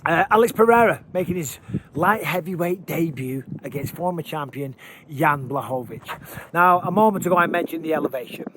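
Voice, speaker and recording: Man, out of breath, energetic chatty commentary, walking outdoors, faint background noise. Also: fairly high pitch, a little fast. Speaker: MMA commentator. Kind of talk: casual walking vlog commentary. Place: outdoors by water at high elevation.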